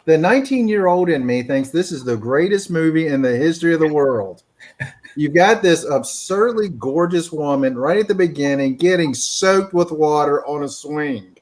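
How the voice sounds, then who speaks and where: Lively, jokey man from Virginia. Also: a little high, moderate pace. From Virginia, USA. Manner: enthusiastic and jokey. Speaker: guest reviewer. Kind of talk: casual movie review chat.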